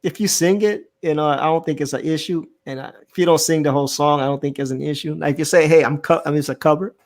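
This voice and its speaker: Brief: male live-stream host, slightly high voice, playful, reads viewer comments. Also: steady tone, quick pace. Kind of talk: casual live-stream chat.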